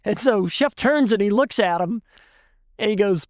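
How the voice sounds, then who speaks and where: Man, chef guest, lively storyteller, laughs a lot, high voice, dry sound. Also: moderate pace, no echo. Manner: animated, laughs often, tells stories with voices. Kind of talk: casual storytelling chat.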